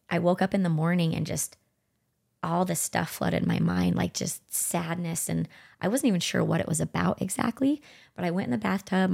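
A middle-aged woman talks on a podcast in a low, gravelly voice. She is gentle and earnest, thinking aloud about personal experiences and sometimes acting out what she once thought. Her pace stays unhurried. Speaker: podcast co-host. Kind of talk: heartfelt conversational podcast talk.

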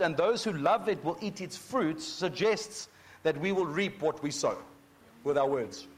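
High-voiced preacher. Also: male voice. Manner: conversational, often checking in with 'okay?'; reads scripture slowly and deliberately. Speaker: pastor. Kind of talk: Bible teaching sermon.

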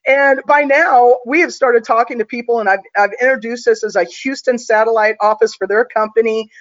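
A woman's voice: fairly high pitch, a little fast, muffled recording. A woman guest telling a story in a casual, confident, chatty way, with plenty of fillers.

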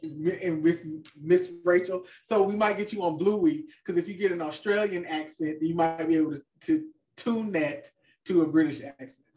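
A woman's voice: lowish voice, moderate pace, mellow, far from the mic. Chatty woman podcast co-host. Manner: chatty, trails off with fillers. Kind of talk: casual chat.

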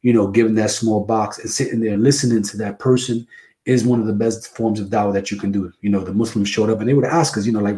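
Middle-aged male guest imam from New Jersey; low, relaxed storyteller who peppers in Arabic phrases. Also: quick pace. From New Jersey, USA. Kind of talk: casual interview talk.

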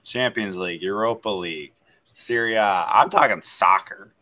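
Bright-voiced opinionated man chatting sports. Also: lowish voice, moderate pace, slight background noise. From Kentucky. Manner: opinionated, emphatic, many "like" fillers. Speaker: podcast co-host. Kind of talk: casual sports chat.

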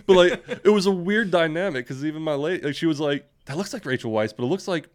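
A man's voice: on the high side, expressive, quick pace. A young man co-hosting a podcast in casual chat, laughing often and rambling with frequent restarts. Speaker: podcast co-host.

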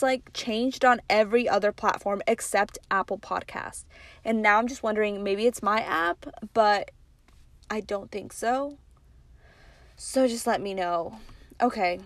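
A woman's voice: medium pitch, measured pace, no echo. A young woman hosting a casual solo podcast, chatty and rambling with lots of fillers, her voice a little worn. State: losing her voice. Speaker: podcast host.

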